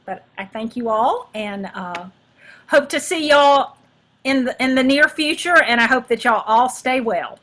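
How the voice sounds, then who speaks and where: Bright, chatty woman. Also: on the high side, lively intonation, unhurried. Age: middle-aged. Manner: chatty and self-mocking, warm thanks. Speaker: national field director addressing volunteers. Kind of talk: casual workshop talk.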